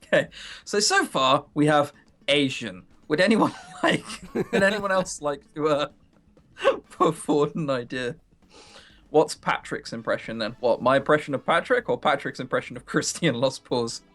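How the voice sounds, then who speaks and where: A man's voice: fairly high pitch, lively intonation, moderate pace, a bit bright. A young man from Sussex with a southern English accent, hosting a game stream in casual, joking chat and laughing often. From Sussex, England. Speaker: let's play host.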